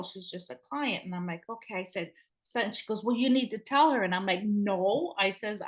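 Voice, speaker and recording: A middle-aged woman medium telling stories in a casual, animated way, acting out what people said. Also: a little high. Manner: animated, acts out dialogue in quotes. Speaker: spiritual medium. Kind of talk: conversational storytelling.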